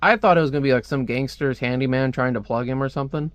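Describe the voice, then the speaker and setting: A man's voice: medium pitch, fast talker, dry recording. A man casually reviewing a comic book on video, rambling with lots of filler words and restarts, close to the mic at home.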